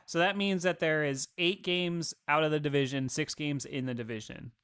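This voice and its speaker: Man, high voice, casual sports chat, ranting, swears a lot. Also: moderate pace, clear, resonant tone. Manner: animated, ranting, swears freely. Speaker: podcast co-host.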